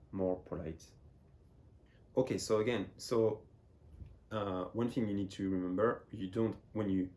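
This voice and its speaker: A man's voice: low voice, a little mellow. A man from France, a Japanese teacher, patiently explaining a beginner lesson and often repeating phrases as he goes.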